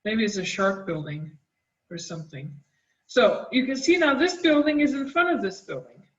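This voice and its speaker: A woman art teacher talking children through a drawing, gentle and encouraging as she draws. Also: a little high, animated, moderate pace, recorded from a distance. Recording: dull, roomy, from the mic.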